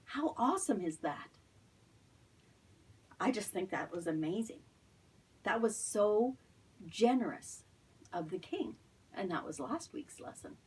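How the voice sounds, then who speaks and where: A woman's voice: medium pitch, expressive, unhurried, long pauses, darkish tone, husky, distant mic. A middle-aged woman teaching a children's Sunday school lesson online. She tells a Bible story expressively and keeps asking the children questions.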